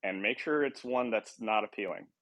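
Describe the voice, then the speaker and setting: A man's voice: lowish voice, moderate pace, a bit bright. A man hosting a casual podcast chat, rambling with lots of ums, restarts and laughs. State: short on sleep. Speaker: podcast host.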